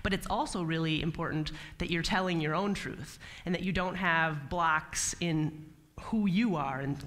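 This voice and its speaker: A woman giving a spiritual talk to a live audience in a meeting hall, playful and animated, acting out little mock dialogues. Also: on the low side. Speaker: guest speaker.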